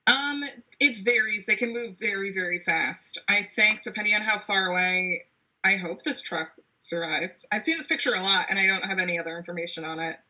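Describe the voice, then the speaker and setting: Bright, husky-voiced woman explaining. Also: mid-range voice, rough recording. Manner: measured, explanatory, dry asides. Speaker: guest volcanologist. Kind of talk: explaining in conversation.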